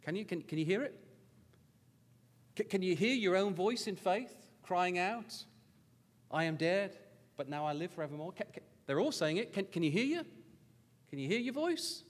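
A man delivers a sermon at a Bible school in a high, lively voice that leaps between registers. He presses his listeners with repeated questions, dropping to hushed, low scripture reading before rising to emphatic urging. His words ring with a long reverb through a large lecture hall. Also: normal speed.

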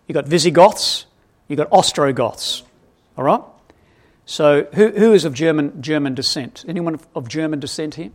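Pitched on the high side and moving at a moderate pace, a man works through an expository Bible lesson. He stays animated, tosses questions at the audience, and fixes his own slips as he goes.

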